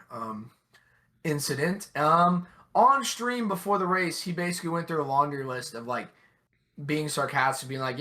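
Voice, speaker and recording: A young man co-hosting a casual podcast chat, blunt and animated, swearing freely. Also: medium pitch. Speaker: podcast co-host.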